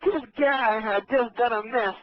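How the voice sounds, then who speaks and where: A man's voice: very high voice, a little slow, no room sound. A man with a Los Angeles accent telling a rambling comic story as a regular caller, losing his train of thought. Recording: dull radio broadcast audio.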